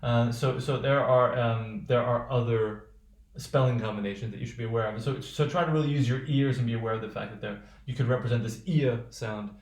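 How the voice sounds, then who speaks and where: Male phonetics lecturer, mid pitch, hesitant delivery, reverberant room. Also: steady tone. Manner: halting, many fillers and restarts. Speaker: phonetics teacher. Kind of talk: recorded lecture.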